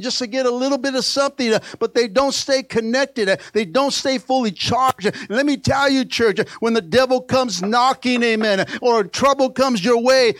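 A man preaching a sermon, playful, calling on the congregation to answer, acting out quoted prayers and dialogue, and dropping to soft asides. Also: very high voice, no echo. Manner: playful, call-and-response preaching. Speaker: pastor.

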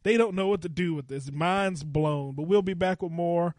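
Male comedy podcast host, high voice, sarcastic crude humor. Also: normal speed, darkish tone, no room sound, studio quality. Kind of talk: casual comedy podcast chat.

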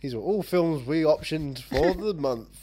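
A man co-hosting a film chat with a high, very lively voice. He rambles and jokes, swearing freely along the way. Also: a little slow. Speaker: film podcast co-host. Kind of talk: casual chat.

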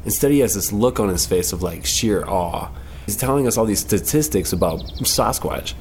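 A man's voice: fairly low pitch, expressive, normal speed, darkish tone, a little hiss or hum. A man in his late twenties casually telling a personal story in a laid-back, rambling way, correcting himself as he goes. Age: 20s. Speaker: storyteller guest.

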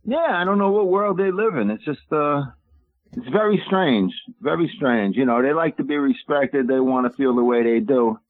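A man's voice: medium pitch, expressive, moderate pace, no room sound. Indignant male caller on a tinny phone line. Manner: emphatic, indignant, rambling. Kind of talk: call-in radio talk.

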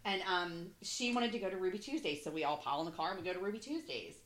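A woman in her thirties telling a story in casual chat, animated and profane, acting out the people in it. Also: fairly low pitch, quick pace, reverberant. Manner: animated, profane, acts out voices in her stories.

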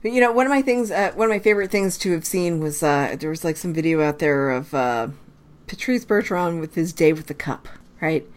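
A woman co-hosting a casual sports podcast, chatty with quick asides and frequent laughter. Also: deep voice. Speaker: podcast co-host. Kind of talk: casual hockey chat.

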